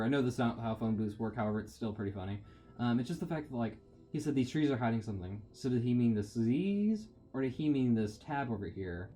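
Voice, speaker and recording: Over faint game music, a gamer offers rambling let's play commentary full of self-deprecation as he plays. His voice sits on the low side and sounds mellow.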